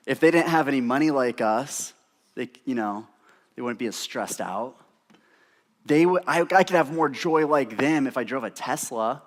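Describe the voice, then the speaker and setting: A man's voice: on the high side, lively intonation, moderate pace. A young adult man preaching a sermon, telling stories and slipping in playful self-mocking asides. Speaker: pastor.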